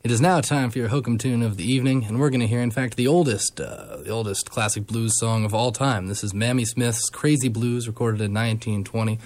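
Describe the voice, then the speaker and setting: A man's voice: mid-range voice, fairly quick, hardly any pauses, darkish tone. A man hosting a radio show and introducing records in a casual DJ style, with frequent hesitations and fillers.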